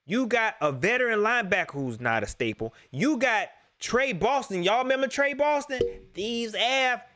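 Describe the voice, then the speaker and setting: A man hosting a casual sports talk stream, animated and joking, repeating his lines for effect. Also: very high voice, moderate pace.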